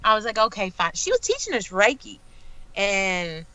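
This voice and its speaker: A woman with a Southern US accent, a psychic medium telling stories in an animated, laughing way on a video call. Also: medium pitch, normal speed, poor audio. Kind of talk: casual group chat.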